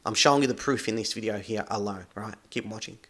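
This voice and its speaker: Bright-voiced man ranting, tagging "right?". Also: on the low side, fast talker. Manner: repetitive, ends nearly every phrase with "right?"; accusatory, emphatic. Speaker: commentary channel host. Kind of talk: ranting commentary over a video.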